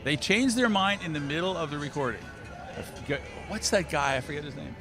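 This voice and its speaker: A man's voice: on the high side, fairly quick. A man chatting as an interview guest, telling jokey stories with lots of animation. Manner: animated, joking storyteller. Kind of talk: casual interview chat. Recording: music playing in the background.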